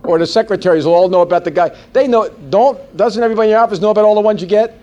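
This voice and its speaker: Folksy sales trainer, man in his forties, fairly high voice, lively and conversational with the room. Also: racing, dull audio, slight background noise. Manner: animated, folksy, quizzes the audience. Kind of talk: seminar talk to a live audience.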